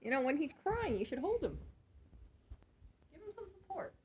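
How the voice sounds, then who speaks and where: A woman's voice: sits high, sing-song, moderate pace, darkish tone. A woman at home teasing and chatting casually about a cat.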